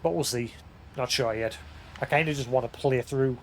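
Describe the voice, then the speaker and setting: A streamer casually playing a game live, reading in-game documents aloud in a measured cadence between offhand asides. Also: mid-range voice, slight background noise. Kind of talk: live gameplay commentary.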